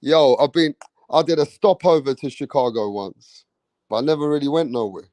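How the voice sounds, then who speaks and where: Speaking at a moderate pace with a medium-pitched voice, this young livestream host reads viewer comments aloud in casual, slang-heavy chat. He's brash and swears constantly, throwing in loud hype bursts, and there's no echo on the audio.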